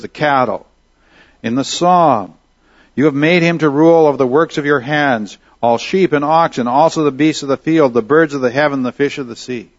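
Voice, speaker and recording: A man's voice: medium pitch, no echo, highs cut off. A man teaching a Bible lesson in a conversational way, asking his listeners questions and reading Scripture aloud. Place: at a desk with Bible and notes on screen.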